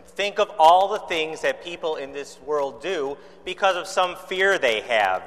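A pastor from Chicago preaches in an easy, conversational way. He asks rhetorical questions and drops in dry humor. His voice sits a little high, and a long reverb from the church hangs behind it. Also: a bit bright. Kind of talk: sermon.

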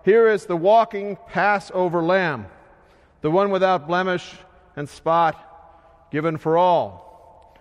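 A man preaching a sermon in a slow, measured way, his voice swelling loud and then sinking soft. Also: sits high. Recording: long hall reverb.

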